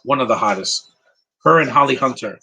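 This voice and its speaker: Over a playing movie, a man delivers animated, brisk commentary at medium pitch, his voice bright with a touch of husk. He drifts between complaints with frequent "uh"s and false starts, never softening his opinions. It's a low-quality recording.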